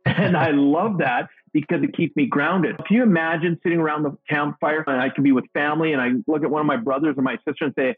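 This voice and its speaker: A man's voice: a little high, steady tone, fast, slightly rough, no room sound, faint music behind. A middle-aged man, a motivational speaker, telling stories in an upbeat, goofy interview answer. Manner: upbeat, self-described goofball, acts out quotes. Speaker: guest, motivational speaker and trainer. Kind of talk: energetic storytelling interview answer. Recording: tinny phone-like remote call audio.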